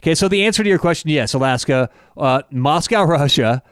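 A man's voice: on the high side, lively intonation, brisk, a bit bright, clear, resonant tone, no echo, studio quality. A man hosting a casual sports podcast, loose and joking as he runs the segments. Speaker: podcast host.

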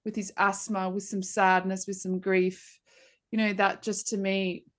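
A woman's voice: mid-range voice, unhurried. A woman in her thirties, a podcast host, tells a personal story in casual talk with lots of fillers. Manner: animated storytelling, many fillers. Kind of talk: casual conversation.

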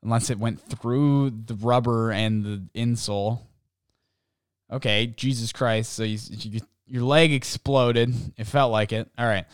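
A man's voice: medium pitch, unhurried, smooth, no room sound, studio quality. A young man hosting a podcast, rambling casually with lots of fillers and restarts as he reads listener stories. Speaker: podcast host. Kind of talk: casual comedic monologue, reading listener stories.

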